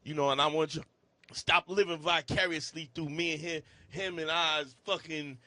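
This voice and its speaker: A middle-aged man co-hosting a podcast, telling a loud, profane story and acting out the voices in it. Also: a little high, fairly even intonation, normal speed, no echo. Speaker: podcast co-host. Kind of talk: casual storytelling chat.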